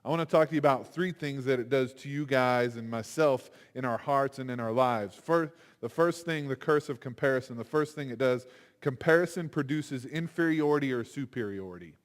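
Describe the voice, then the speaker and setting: A man giving a chapel sermon in an animated, conversational way, acting out quotes as he goes. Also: mid-range voice, a little fast. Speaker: chapel speaker. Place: university chapel. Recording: long hall reverb.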